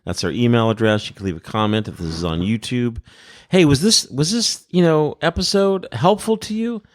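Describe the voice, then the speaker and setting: A man's voice: mid-range voice, normal speed. A man in his fifties hosting a podcast, rambling loosely and laughing as he talks. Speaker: podcast host. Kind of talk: casual podcast chat.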